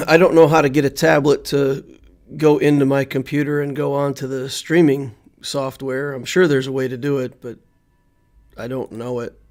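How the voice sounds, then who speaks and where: A man's voice: mid-range voice, level tone, normal speed, darkish tone. A man streaming a video game, commenting live and thinking aloud as he plays, often muttering to himself.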